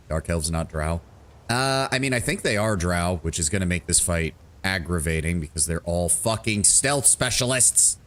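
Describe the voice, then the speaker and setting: A male game streamer with a very low, deep voice. He reads role-playing game text aloud and breaks off for joking asides to his chat. His talk is loose and conversational. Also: animated, normal speed, a bit bright, faint music behind. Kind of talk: live game stream with casual commentary.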